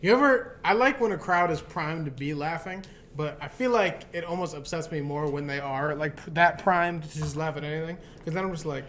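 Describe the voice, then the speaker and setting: Higher-voiced man ranting comically. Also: fairly quick, few pauses, a little hiss or hum. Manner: animated ranting, heavy swearing. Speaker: comedian, podcast guest. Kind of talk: casual comedy chat.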